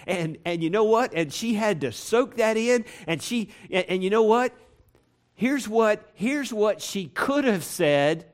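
A man preaching to his congregation, his voice sitting a little high. He repeats his phrases and climbs into loud, emphatic bursts before easing back down. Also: lively intonation, unhurried. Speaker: pastor. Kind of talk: sermon. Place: church sanctuary.

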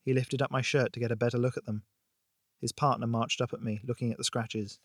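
A man reading a tense story aloud with steady, expressive delivery at a mid pitch. The recording is dry and close, with no room echo at all. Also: brisk. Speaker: narrator. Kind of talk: audiobook narration.

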